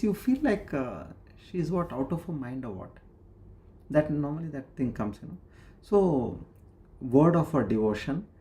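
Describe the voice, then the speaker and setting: A man's voice: medium pitch, mellow. A man gives a devotional discourse, telling a story with fillers and restarts. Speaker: spiritual teacher.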